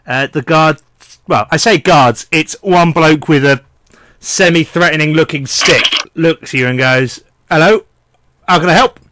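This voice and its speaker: High bright-voiced man as game master. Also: measured pace. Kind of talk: narrating a tabletop game. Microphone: headset or desk mic on a voice call.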